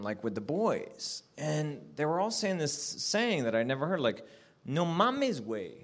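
A man, a comedian, telling stand-up stories on a live show, full of "like" fillers and quick asides. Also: a little high. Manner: animated, says "like" constantly. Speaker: comedian guest.

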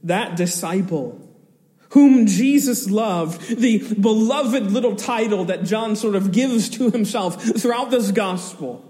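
High-voiced man preaching in an echoing hall. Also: takes it slowly. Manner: animated storytelling, chuckling asides, vivid retelling. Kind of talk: expository sermon on scripture.

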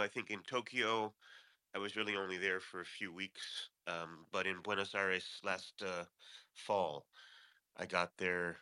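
A man, a guest founder, answering interview questions in a measured, thoughtful way with pauses. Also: sits low, sharp tone, no room sound. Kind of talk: casual interview talk.

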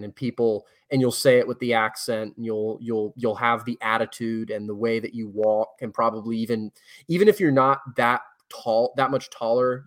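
Blunt, rambling man in casual chat. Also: mid-range voice. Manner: rambling, self-correcting, blunt with swearing. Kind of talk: casual conversation.

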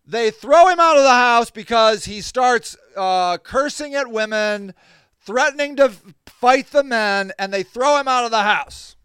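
Male podcast host, high and clear-voiced, animated and exasperated storyteller who swears freely, dry close sound. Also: no echo. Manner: laughs between lines. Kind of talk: casual storytelling monologue.

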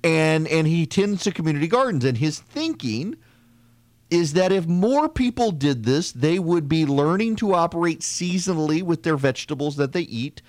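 A man's voice: on the high side, lively intonation, moderate pace, dry recording. A man hosting a political podcast, delivering an opinionated, conversational monologue with frequent restarts and sarcastic asides. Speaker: podcast host.

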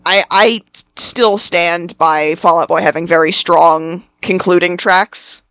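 A woman's voice: fairly low pitch, fairly even intonation, takes it slowly, fairly bright tone, clean tone, dry recording. A woman guest on a casual music podcast, blunt and casually swearing.

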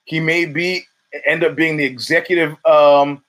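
Man, podcast host, loose rambling fight talk, swears freely, slightly high voice. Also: steady tone, unhurried, a bit bright. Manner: rambling, profane, with many restarts and fillers. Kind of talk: casual solo commentary.

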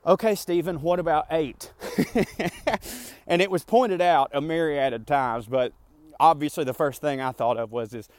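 A man's voice: fairly high pitch, unhurried, a little mellow, no echo. A man hosting a podcast, ranting casually while running in a park, slightly out of breath, rambling with plenty of fillers and asides. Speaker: podcast host. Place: outdoors in a park, jogging.

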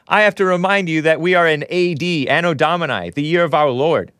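A man's voice: a little high, brisk, hardly any pauses, fairly bright tone, clean tone, dry recording, studio quality. A male show host giving solo commentary, mocking and sarcastic as he reads out social media replies.

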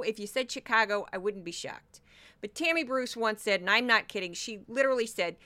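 A woman hosting her own podcast, chatting loudly and fast, and she calls herself loud and talkative. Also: mid-range voice, animated, no echo. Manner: loud, fast, chatty, self-described obnoxious. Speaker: podcast host. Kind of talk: solo commentary podcast.

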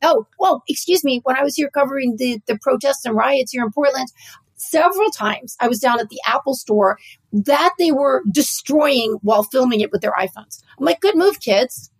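Husky, high-voiced woman chatting animatedly. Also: normal speed, low-quality recording. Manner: animated, jumps between topics, mock-exasperated asides. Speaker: podcast co-host. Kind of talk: casual chat.

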